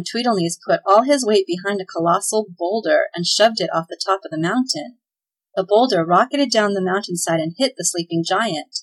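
A woman hosting a holiday podcast, reading news, listener tips and a chapter story in a cheerful, steady scripted narration. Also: medium pitch, moderate pace, breathy edge, rough recording.

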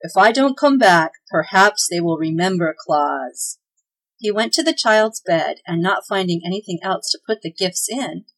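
A woman's voice: mid-range voice, rough recording. Woman reading a children's story. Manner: gentle, expressive read-aloud with voiced characters. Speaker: podcast host and storyteller.

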